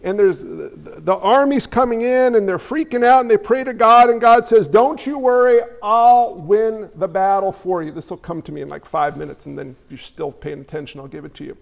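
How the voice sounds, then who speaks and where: High-voiced pastor in a reverberant hall. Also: male voice, moderate pace, creaky, hardly any pauses. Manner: conversational, jokey asides, acts out dialogue. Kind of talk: casual sermon.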